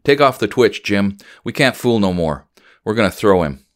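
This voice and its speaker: A man reading the part of a calm, firm older blacksmith who gives steady commands. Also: on the low side, moderate pace, lightly acted.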